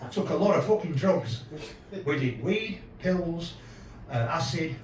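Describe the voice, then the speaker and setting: A man in his fifties with a Yorkshire accent, doing a sweary, deadpan stand-up set in a small pub room. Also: fairly high pitch, a little slow, reverberant, recorded from a distance, slight background noise, poor audio. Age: 50s. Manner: crude, swearing, deadpan storytelling. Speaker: stand-up comedian. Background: audience laughter.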